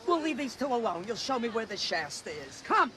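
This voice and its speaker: An actress playing the wife's haughty companion, who talks in a sarcastic, superior manner. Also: female voice, fairly high pitch, sing-song, fairly quick, a bit bright, a little hiss or hum. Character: haughty, sarcastic woman friend of the wife. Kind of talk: TV sketch comedy acting.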